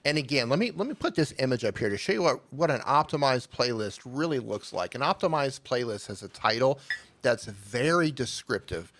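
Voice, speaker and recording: A man co-hosting a live-stream channel review game show, easygoing and candid, reasoning out loud as he critiques. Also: medium pitch, big pitch swings, brisk.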